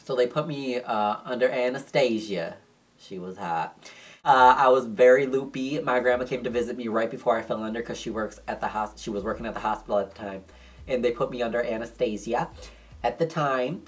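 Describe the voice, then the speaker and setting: A man vlogging to camera, telling a personal story in a casual, profane, animated way and acting out the dialogue. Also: mid-range voice, fairly quick.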